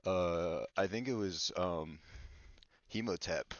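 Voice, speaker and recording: A man's voice: low voice, takes it slowly, no room sound. A man hosting a podcast who rambles goofily through a story recap and keeps bossing his co-host around, on a dull lo-fi recording. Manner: goofy, rambling, mock-bossy toward his co-host.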